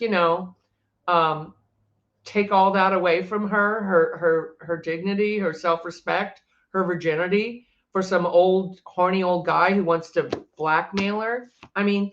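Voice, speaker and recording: An older woman, a psychic and energy healer, talking in a loud, chatty, rambling way from her home office, often breaking off mid-sentence. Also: on the low side, measured pace, muffled recording. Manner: chatty, rambling, self-interrupting; loud, emphatic. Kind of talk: casual unscripted monologue to camera.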